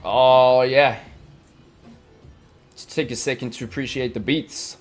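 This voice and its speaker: Speaking slowly with a steady, medium-pitched tone, a man hosts a casual crypto trading live stream. He teaches chart reading playfully, joking and chatting with plenty of fillers, while faint music plays in the background.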